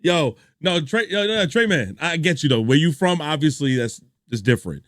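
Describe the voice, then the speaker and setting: A young man streaming a reaction video, telling stories in animated, slangy casual chat. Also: fairly high pitch, brisk, no room sound, clean studio sound. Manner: animated storytelling, slangy, laughs a lot.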